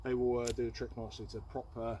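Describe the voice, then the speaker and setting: A man casually explaining a camp setup outdoors in the woods, chatty and relaxed, with frequent fillers. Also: mid-range voice, quick pace, slight background noise. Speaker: outdoor channel host.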